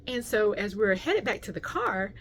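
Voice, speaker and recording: A woman vlogger telling a casual story time, animated and full of fillers, acting out what people said. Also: medium pitch, moderate pace, slight background noise. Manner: animated storyteller, many fillers, acts out quotes.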